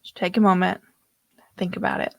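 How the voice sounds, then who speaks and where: A woman's voice: on the low side, flat delivery, fairly quick, vocal fry, no echo, studio quality. A woman coach teaching a live online workshop in a loose, chatty way, now and then losing her place in her notes. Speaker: personal development coach.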